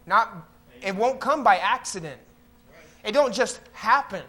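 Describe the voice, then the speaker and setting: A man's voice: very high voice, fairly quick, a bit bright. A man preaching a conversational sermon as pastor in a church, now and then mocking the voices of complainers. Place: church sanctuary.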